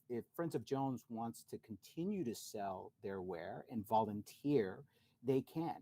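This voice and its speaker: A man at a school council meeting explaining a policy, halting and correcting himself as he goes. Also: mid-range voice, warm tone, low-quality recording. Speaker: council member.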